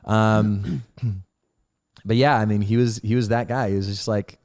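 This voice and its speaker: A man telling personal stories in a casual interview, animated and swearing freely, acting out quotes in a loud voice. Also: lowish voice, measured pace. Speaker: actor interviewee.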